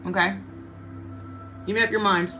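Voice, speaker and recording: A woman's voice: medium pitch, fairly even intonation, moderate pace, bright, forceful tone, faint music behind. A woman giving a casual tarot reading to her viewers, blunt and profane, often repeating her points for emphasis. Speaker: tarot reader.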